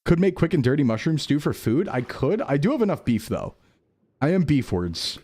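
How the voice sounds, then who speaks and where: A man's voice: a little high, sing-song, moderate pace, mellow. A young man rambling through casual gameplay commentary, jokey and self-mocking. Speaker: streamer.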